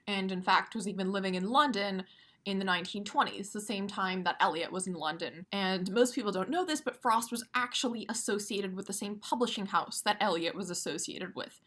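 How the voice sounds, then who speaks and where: Woman, poetry teacher, casual lecture tone, emphatic, mid-pitched. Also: fairly bright tone. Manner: casual, emphatic, taps out rhythms aloud. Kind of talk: explaining poetry for exam review.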